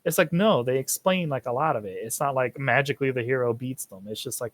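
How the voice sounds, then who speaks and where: A man's voice: medium pitch, quick pace. A young man hosting a casual podcast chat, rambling and swearing as he talks. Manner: rambling, profane, animated. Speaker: podcast host.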